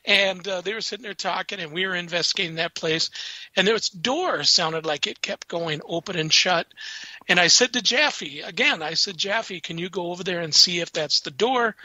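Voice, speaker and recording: Lively high-voiced man telling ghost stories. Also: no echo. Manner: animated, laughing storyteller acting out quotes. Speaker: paranormal investigator guest. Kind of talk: casual storytelling on a radio show. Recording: dull, lo-fi radio sound.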